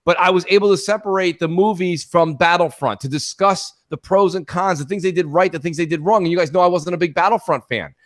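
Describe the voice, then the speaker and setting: A man's voice: high voice, quick pace, few pauses. A man co-hosting a casual gaming podcast, talking animatedly and acting out mocking voices of fans. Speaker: podcast co-host.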